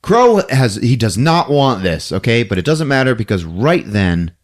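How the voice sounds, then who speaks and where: Animated man recapping a movie. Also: mid-range voice, moderate pace. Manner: animated storytelling, laughing often. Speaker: podcast host.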